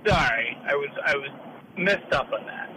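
A man calling into a sports radio show, rambling with laughs and halting starts. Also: fairly high pitch, lively intonation, background noise. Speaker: caller. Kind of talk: casual call-in chat.

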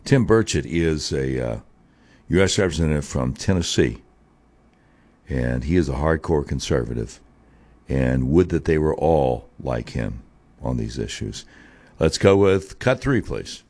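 Male talk host, very low voice, dry close sound, opinionated and drawling. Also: expressive, measured pace, a little mellow, dry recording. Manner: opinionated, drawling, mocking asides. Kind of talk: political talk commentary.

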